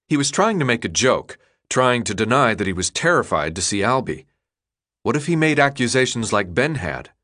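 A man narrating an audiobook in a measured, expressive storytelling voice. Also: medium pitch. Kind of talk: scripted narration.

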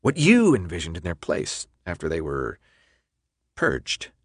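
A man voicing a cold, volatile older official who speaks in a clipped way and swings between quiet menace and shouting. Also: sits low, huge pitch swings, unhurried, dry recording, studio quality, voice pushed down, heavily acted. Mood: grave.

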